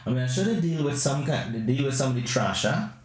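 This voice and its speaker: A man hosting a podcast who tells rambling, animated comic anecdotes. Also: medium pitch, a little fast. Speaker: podcast host. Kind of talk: comedic storytelling. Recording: roomy echo.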